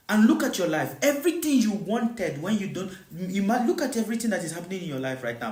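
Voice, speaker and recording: Animated preacher asking listeners questions. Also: mid-range voice, roomy sound. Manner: repeats rhetorical questions to listeners; repetitive, emphatic preaching. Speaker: spiritual teacher. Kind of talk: live spiritual teaching.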